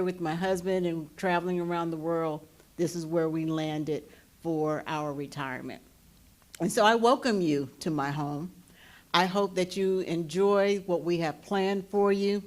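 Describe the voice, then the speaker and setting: A woman's voice: on the low side, a little mellow. A middle-aged woman gives an enthusiastic, folksy public welcome speech in a forum hall, often repeating her words. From North Carolina. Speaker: commissioner giving a welcome.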